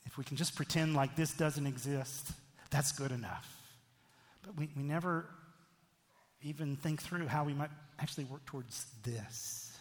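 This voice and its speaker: A middle-aged man preaches in an easy, conversational manner, often tossing a quick question back to his listeners. His voice sits a little higher than most men's. The sound carries a long hall reverb, as in a church sanctuary. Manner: conversational, frequent "right?" asides. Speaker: pastor. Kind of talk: sermon.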